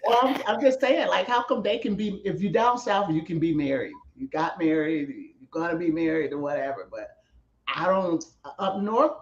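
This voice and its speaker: A woman's voice: on the low side, animated, moderate pace, slight background noise. Woman in her fifties, dull roomy sound. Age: 50s. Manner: laughs while talking, musing and questioning. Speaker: guest. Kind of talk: casual talk show chat.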